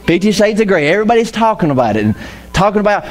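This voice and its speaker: A man's voice: high voice, fast talker. A man preaching a casual, joking sermon in church, often acting out the voices of the people he quotes. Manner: lively, jokey, acts out quoted voices. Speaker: pastor. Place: church auditorium.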